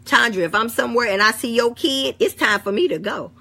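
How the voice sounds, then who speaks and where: A middle-aged woman with an African American St. Louis accent talks straight to the camera in a casual chat. She is blunt and outspoken and swears freely. Her voice sits a little high, bright and a touch husky. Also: a little fast. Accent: African American English, St. Louis. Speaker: vlogger.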